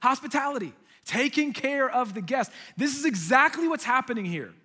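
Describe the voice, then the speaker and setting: Young male preacher, high and bright, lively storyteller, preaching to a congregation. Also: normal speed, slightly rough. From United States. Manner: animated storytelling, acts out voices. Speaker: pastor. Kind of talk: sermon.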